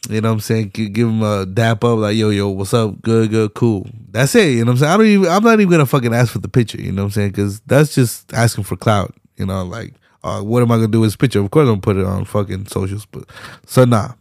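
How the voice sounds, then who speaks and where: A man's voice: on the low side, quick pace, no room sound, clean studio sound. A young man hosting his own podcast, talking solo in loose profane slang with plenty of laughter. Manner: profane, animated street slang, frequent laughs. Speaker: podcast host. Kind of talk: casual solo commentary.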